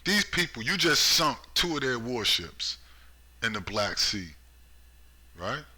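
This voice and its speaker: A man's voice: mid-range voice, very animated, slow, bright, forceful tone, slightly rough. A man ranting in a sarcastic, profane, mocking monologue about politics. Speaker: political commentator.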